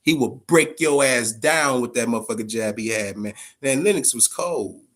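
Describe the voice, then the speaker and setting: Hosting his boxing channel live, this guy keeps it loose, lively and full of swearing, ending almost every phrase with "man." He speaks at an ordinary speed with a medium pitch.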